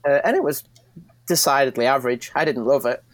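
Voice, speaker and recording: A man's voice: mid-range voice, fairly quick, dry recording. A man guesting on a podcast, chatting casually in a rambling way with frequent tag questions. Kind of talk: casual chat.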